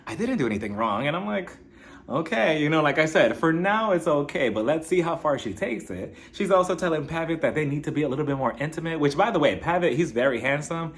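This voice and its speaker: A man recaps a reality show in a casual, gossipy way, animatedly acting out cast members' lines as he goes. His voice is a little high and he talks slightly fast.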